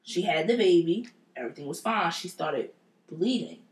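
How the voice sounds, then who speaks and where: A woman's voice: on the low side, lively intonation, normal speed. A woman telling a personal story in a blunt, profane and emphatic casual way. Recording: roomy echo.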